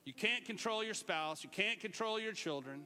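A middle-aged man preaching a lively sermon, sometimes shouting out words to show what they mean. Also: high voice, moderate pace, big-room sound. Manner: animated, shouts out words to demonstrate. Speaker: pastor.

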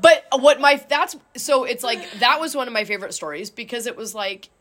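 An animated woman coach tells a story in relaxed conversation. She acts out what others said and sprinkles in "like" constantly. Her voice sits a little high. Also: brisk, crowd noise. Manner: animated, acts out quotes with lots of "like". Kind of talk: casual storytelling chat.

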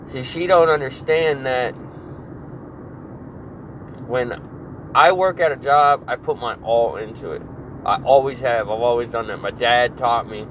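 A man's voice: mid-range voice, a bit bright, rough recording. A man in his twenties, a podcast host, delivering an angry, profane solo rant full of restarts and repeated phrases. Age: 20s. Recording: clear background noise of traffic and air conditioning.

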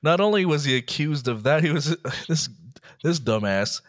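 A man's voice: fairly high pitch, expressive, normal speed. A man co-hosting a podcast, casually recounting odd news stories, laughing often and slipping into mock voices. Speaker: podcast co-host.

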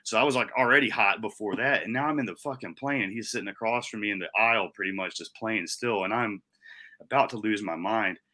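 A man co-hosting a podcast, telling a story in casual chat with plenty of swearing and animated delivery. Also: on the low side, a little fast. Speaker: podcast co-host.

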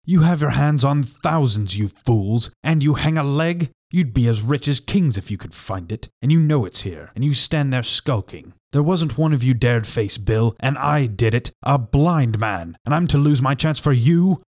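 A man's voice: animated, normal speed, few pauses, a little mellow. A man voicing a furious blind old pirate beggar who shrieks orders at his crew. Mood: bitter ranting. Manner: shrill, raging, barking orders.

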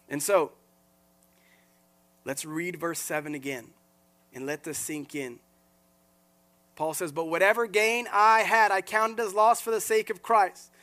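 A man preaching as lead pastor, earnest and animated, often repeating words and restarting phrases. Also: on the high side. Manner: acts out quoted voices mid-sermon. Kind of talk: sermon.

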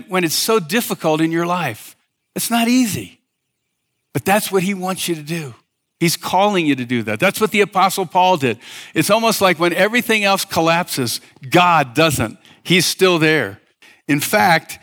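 A pastor with a bright, slightly higher-than-typical male voice delivers an emphatic sermon during a church service. He uses call-and-response, prompting the congregation to answer his questions, and often trips over his words and starts phrases again.

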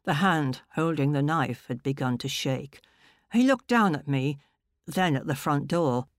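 A woman author reading her own short story aloud in a measured, deliberate way. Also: low-pitched, no echo, studio quality.

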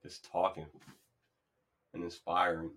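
A man's voice: low voice, completely flat delivery, takes it slowly, pushed and bright. A man hosting his own podcast, talking in a loose, rambling, motivational way. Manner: playful, hypes up an imagined crowd. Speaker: podcast host. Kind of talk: casual solo monologue.

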